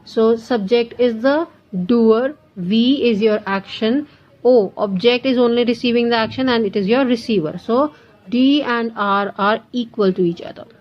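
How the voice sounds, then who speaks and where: A young Indian woman teaching an English grammar lesson, explaining slowly and repeating the key points, with some Hindi mixed in. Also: on the high side, lo-fi sound. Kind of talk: classroom lesson.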